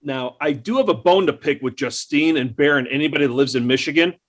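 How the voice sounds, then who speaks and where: A man's voice: fairly high pitch, quick pace, a bit bright. A man ranting and joking in a casual podcast chat. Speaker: podcast co-host.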